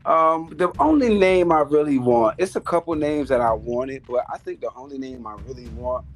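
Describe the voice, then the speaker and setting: A man, a professional boxer, telling stories, slangy and quick to laugh. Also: mid-range voice, lively intonation. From Rochester, New York. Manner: laid-back, laughs easily, slangy. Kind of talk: casual podcast interview.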